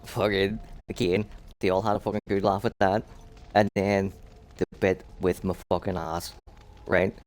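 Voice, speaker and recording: A man's voice: deep voice, level tone, moderate pace. A man streaming a game live, telling a crude anecdote full of profanity. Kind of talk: profane storytelling while gaming.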